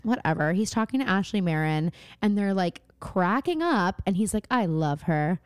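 A woman's voice: mid-range voice, lively intonation, normal speed, clean tone, dry recording, clean studio sound. A woman co-hosting a podcast, chatting casually and playfully about a TV show, riffing on jokes and laughing often. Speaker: podcast co-host. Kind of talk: casual chat recapping a TV show.

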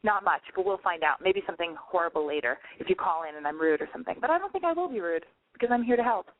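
A woman's voice: fairly low pitch, lively intonation, quick pace. A young woman hosting a homemade call-in advice show, rambling and cursing freely while mocking herself, her voice a little nasal from smoke. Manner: rambling, profane, self-mocking. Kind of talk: casual call-in radio monologue. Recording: dry, phone-like narrow sound.

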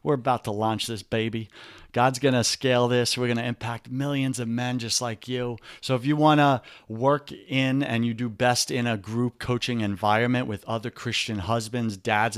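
A man with a New York accent makes a pushy, rallying sales pitch as a podcast guest. His voice sits in an ordinary middle pitch and sounds dry and close to the mic, with no room around it. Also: no echo. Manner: pushy, repeats web addresses slowly, rallying. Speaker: business and faith coach, podcast guest.

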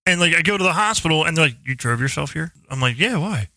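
A man's voice: fairly high pitch, expressive, fast, pushed and bright, no echo. A man chatting casually on a podcast, rambling and swearing a lot, often restarting his sentences. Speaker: podcast co-host. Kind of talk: casual profane chat.

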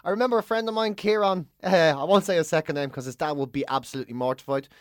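A man's voice: fairly high pitch, fast, dry recording. A young adult man with a Dublin Irish accent, chatting casually as a podcast co-host and telling comic stories with acted-out voices. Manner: comic storyteller, acts out voices. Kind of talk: casual chat.

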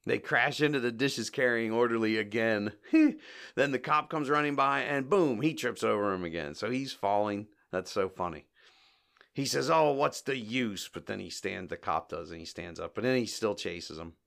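A man's voice: lowish voice, normal speed, creaky, a bit bright. A man hosting a podcast, casually retelling a comedy short scene by scene, acting out the quoted lines and laughing often. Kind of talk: casual recap commentary.

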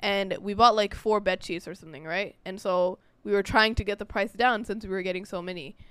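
A young adult woman from the United States with an American accent, co-hosting a casual chat in a quick, chatty way and laughing often. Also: mid-range voice, fairly even intonation, fairly bright tone, smooth, no room sound. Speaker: podcast co-host.

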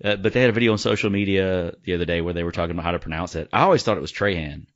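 Very low-voiced male podcast host, chatty and joking, muffled sound. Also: racing. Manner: chatty, joking, upbeat plugs. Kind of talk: casual sports podcast chat. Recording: slightly dull lo-fi sound.

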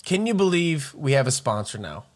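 A man's voice: medium pitch, big pitch swings, moderate pace, music in the background. A man co-hosting a casual comedy podcast, joking, swearing and laughing often. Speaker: podcast co-host.

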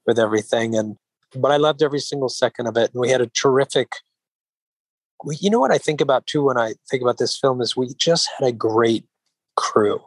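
A man speaks in a calm, even-keeled way as an interview guest, his voice sitting at a middling pitch. He wanders through his thoughts, restarting sentences and leaning on filler phrases. The sound is dry and close, with no room echo. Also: brisk. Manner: rambling with frequent restarts and "you know". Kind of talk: relaxed interview conversation.

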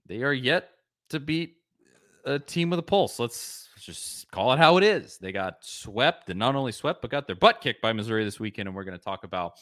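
A man hosting a casual sports podcast, excitable, given to bursts of laughing and shouting. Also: mid-range voice, moderate pace, dry recording, studio quality. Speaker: podcast host.

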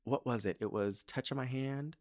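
Sassy, profane man ranting on a podcast. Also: normal speed. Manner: sassy, profane, animated swings in pitch and loudness. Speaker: podcast host. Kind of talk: casual solo podcast rant.

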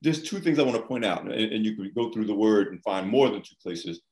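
Low-voiced male host in an echoey room. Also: expressive, a little fast, darkish tone. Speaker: show host. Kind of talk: conversational interview talk.

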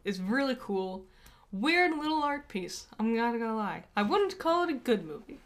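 A woman's voice: fairly high pitch, very animated, normal speed. Giggly woman co-hosting a podcast. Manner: giggly, chatty, laughs often. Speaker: podcast co-host. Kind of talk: casual chat.

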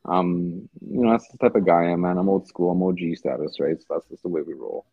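Over tinny, call-quality audio, a deep-voiced South African man talks briskly as a podcast guest. His tone is slightly rough with no echo, and he keeps things casual, slangy, and loose, with many fillers and restarts.

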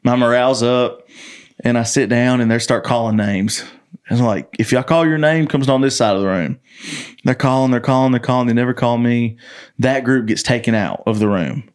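A man's voice: mid-range voice, moderate pace, clean tone. A young man hosting a casual podcast, telling stories with lots of swearing and acting out the people he quotes. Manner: animated, swearing, acts out quoted voices. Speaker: podcast host, country singer. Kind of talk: casual storytelling chat.

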